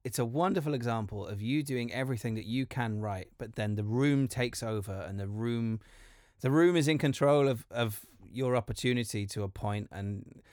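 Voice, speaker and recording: A man's voice: mid-range voice, a little mellow, no echo, clean studio sound. A man hosting a podcast in casual chat, laughing often and telling his own stories. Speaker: podcast host.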